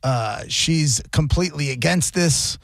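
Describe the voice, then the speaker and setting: A male radio host in casual, rambling banter, sarcastic, now and then mimicking people in a high squeal. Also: expressive, measured pace, creaky, no room sound. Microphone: studio mic.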